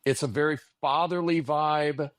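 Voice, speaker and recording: A man's voice: fairly high pitch, fairly even intonation, normal speed, no room sound. A man co-hosting a casual podcast, rambling through a story with sarcastic asides. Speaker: podcast co-host. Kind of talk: casual chat about old TV.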